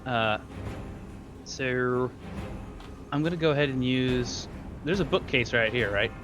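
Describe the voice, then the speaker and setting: A man playing a tabletop game, upbeat and giggly, thinking out loud. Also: mid-range voice, unhurried, music in the background. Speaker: player.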